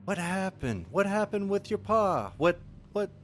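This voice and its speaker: A male player speaking in character in a tabletop game, soothing and gently questioning a patient. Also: sits high, very animated, unhurried, slight background noise. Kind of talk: in-character tabletop role-play.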